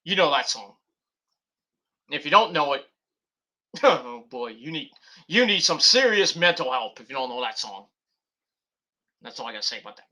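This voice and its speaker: A wrestling review vlogger with a mid-range, very animated, pushed and bright voice rambles at a moderate pace with long pauses. His casual commentary is profane and keeps wandering off on tangents.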